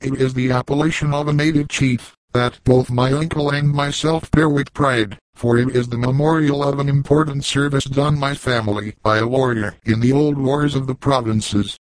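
A man's voice: medium pitch, fairly even intonation, normal speed, few pauses, no echo, natural voice, rough recording. A man voicing a proud young officer who speaks in a haughty, dignified way in a storybook reading.

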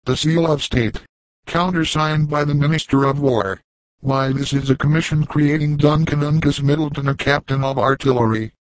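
A man's voice: a little high, fairly even intonation, moderate pace, no echo, close to an everyday voice, rough recording. A man voicing a learned, pompous naturalist doctor who talks in a wordy, grave and formal way in a storybook reading.

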